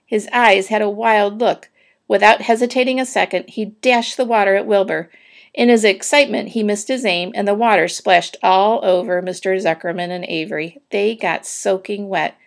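A woman narrating a children's book aloud, with steady storytelling and a few small slips. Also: mid-range voice, moderate pace, creaky.

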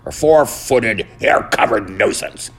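A drowsy dog owner who grumbles and scolds in a low, husky voice, as a narrator puts him on. The lines come out heavy and cross. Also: male voice, animated, slow pace, fairly bright tone, heavily acted. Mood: grumbling. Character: sleepy grumbling grown man, dog owner.

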